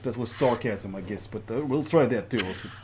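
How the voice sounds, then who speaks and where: A man's voice: fairly low pitch, a little fast, background noise. A man playing a tabletop game, joking with the others and laughing often. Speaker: player. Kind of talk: casual tabletop game chat.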